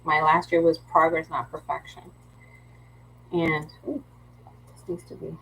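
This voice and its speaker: A woman's voice: deep voice, flat delivery, unhurried, gravelly, fairly bright tone, husky, low-quality recording. A woman with a Philadelphia accent hosting a live craft stream, chatting in a rambling way with frequent restarts and easy laughter. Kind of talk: casual livestream chat.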